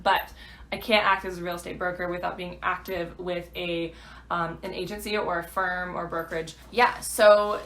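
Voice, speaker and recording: A woman's voice: mid-range voice, fairly bright tone. A woman, a new realtor, chatting through a rambling vlog update full of fillers. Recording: echoey room.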